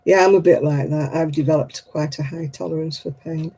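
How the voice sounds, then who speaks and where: A woman's voice: deep voice, fairly even intonation, brisk, mellow, slightly rough, rough recording. A woman hosting a craft livestream, chatting casually, laughing often and acting out other people's voices. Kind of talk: casual chat.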